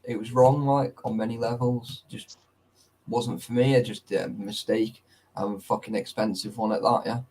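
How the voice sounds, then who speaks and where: A man in casual chat with friends, telling animated, sweary stories. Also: fairly low pitch, moderate pace, rough recording.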